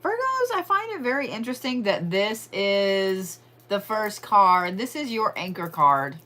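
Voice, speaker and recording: A woman's voice: medium pitch, very animated, a little slow, sharp tone. A woman giving a casual weekly horoscope and tarot reading in a chatty, profane way, stretching words for emphasis. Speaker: tarot and astrology reader.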